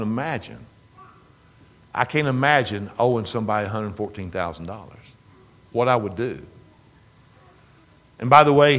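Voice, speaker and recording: A middle-aged man telling a rambling, folksy family story in casual talk. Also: mid-range voice. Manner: rambling, folksy, restarts and trails off.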